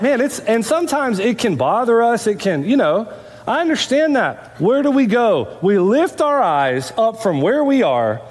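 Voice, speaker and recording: A man's voice: sits high, big-room sound. A man preaching a sermon as pastor of a church, conversational and full of rhetorical questions. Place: church sanctuary.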